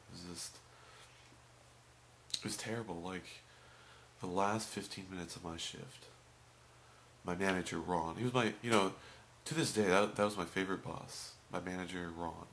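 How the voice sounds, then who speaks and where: A young man tells stories in a casual vlog, swinging between loud outbursts and muttered asides. His voice is notably deep and low. A faint hiss sits under the recording. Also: fairly even intonation, normal speed. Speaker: vlogger.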